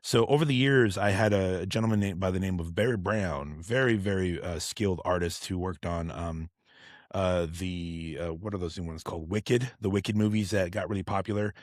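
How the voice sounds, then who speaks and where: A man's voice: sits low, moderate pace, dry recording, clean studio sound. A man guesting on a podcast, telling long profane stories full of fillers and restarts. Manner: rambling, profane storyteller with many fillers. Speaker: podcast guest, tattoo artist. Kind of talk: casual podcast chat.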